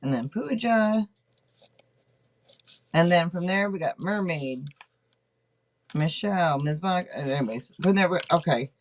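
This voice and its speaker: Lady streamer just chatting w her viewers, super animated up and down voice, kinda cusses casually. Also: lowish voice, a little slow, pauses often, slight background noise. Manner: chatty, loose, swears casually, reads names off a list. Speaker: podcast host reading tarot for a live chat. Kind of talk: casual livestream chat.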